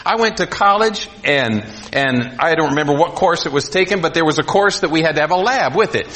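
A man preaching a sermon to a congregation, swinging between loud emphasis and quiet asides. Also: a little high, lively intonation, brisk. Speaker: pastor.

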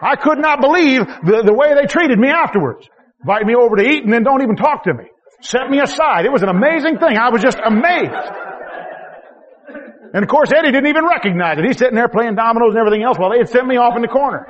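Fervent man preaching with a lively, high voice. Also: fast, highs cut off, crowd noise. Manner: swings from loud, high exhortation to low, quiet asides; folksy, self-deprecating, rhetorical questions. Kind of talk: sermon.

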